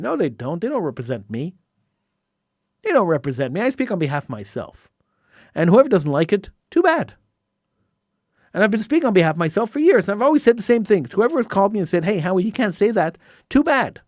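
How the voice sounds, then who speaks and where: A man's voice: high-pitched, very animated, fairly quick, pauses often, no room sound, studio quality. A middle-aged man hosting a call-in radio show, delivering an impassioned, indignant monologue with lots of repetition. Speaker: radio talk show host.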